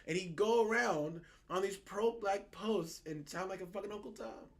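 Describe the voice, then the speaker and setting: A young man co-hosting a podcast in casual political chat, animated and profane, often mocking other people's words. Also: sits high, normal speed. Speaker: podcast co-host.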